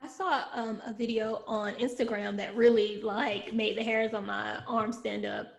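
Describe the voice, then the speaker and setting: A woman hosting a podcast, with a gravelly voice, talking in a hesitant way full of fillers. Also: on the high side, level tone, unhurried. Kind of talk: casual podcast chat.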